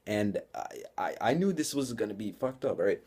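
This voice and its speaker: A man's voice: on the low side, very animated, fairly quick, darkish tone, slightly rough. A teenage boy telling a story in a casual vlog, rambling and profane, often laughing. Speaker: vlogger.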